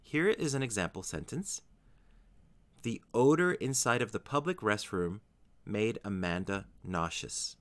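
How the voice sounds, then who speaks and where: A man with a fairly low voice gives a scripted English vocabulary lesson. His pitch rises and falls a great deal as he explains. He slows down on each example word so it comes through clearly. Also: animated, fairly bright tone. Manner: slow, careful pronunciation of example words. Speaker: English teacher.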